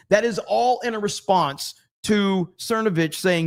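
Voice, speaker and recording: A man's voice: high voice, normal speed, few pauses. A man hosting a live stream, giving brash, profane, repetitive commentary. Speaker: streamer host.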